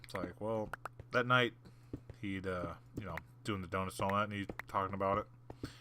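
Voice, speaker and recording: A man with a lowish voice talks casually over gameplay as a gaming channel host, rambling through a story with plenty of fillers and restarts. He sometimes drops into muttered whispered asides. A clear background hiss runs under the recording. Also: fairly even intonation, moderate pace.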